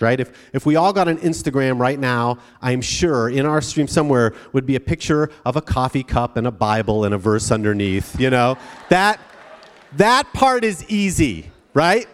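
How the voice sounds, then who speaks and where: A pastor preaching to students in a chatty way, often checking in with the crowd by asking "right?". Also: male voice, fairly high pitch, big-room sound. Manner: conversational, frequent tag questions. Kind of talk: sermon to students.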